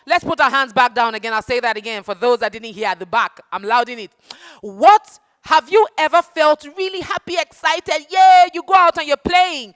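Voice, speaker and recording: A woman giving an interactive talk to children, animated and affectionate, calling them darling and baby. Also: sits high, normal speed, hardly any pauses, no room sound. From Nigeria. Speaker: children's book festival speaker. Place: festival hall with young audience.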